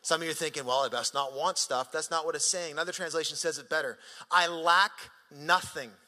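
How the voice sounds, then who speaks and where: A male pastor preaching a sermon in an animated, conversational way, swinging from sudden rises to quiet drops. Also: on the high side, fast, in a large hall.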